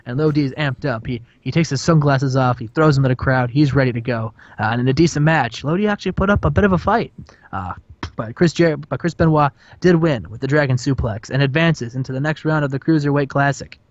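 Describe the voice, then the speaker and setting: A man casually narrating a wrestling sim game, excitable and prone to stumbling over words. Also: mid-range voice, brisk, no room sound. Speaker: video game streamer. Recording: dull dry lo-fi mic.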